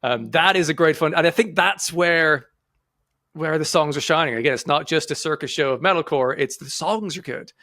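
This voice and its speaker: A man's voice: fairly high pitch, normal speed, pushed and bright, no room sound. Guy hosting a music interview, rambles his questions, swears a bit, dead dry audio. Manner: enthusiastic, rambling questions with restarts, casual swearing. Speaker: interview host. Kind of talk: casual interview chat.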